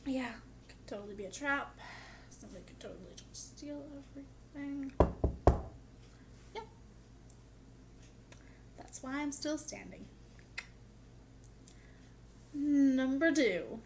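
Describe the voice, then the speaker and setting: A woman's voice: high-pitched, animated, takes it slowly, pauses often, very noisy. A young woman vlogging in a casual, chatty way, with dry humor and lots of "like". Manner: chatty, peppered with "like". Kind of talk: casual chat to camera.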